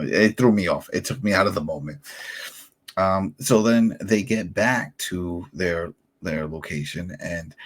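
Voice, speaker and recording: A man's voice: low voice, slightly rough. A man co-hosting a casual podcast discussion, animatedly recapping scenes and acting out the characters' lines. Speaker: podcast co-host.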